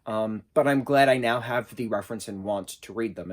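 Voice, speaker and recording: Chatty, excitable man reviewing a book. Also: on the low side, moderate pace. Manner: chatty, excitable, with frequent restarts and fillers; sarcastic. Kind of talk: casual spoken book review.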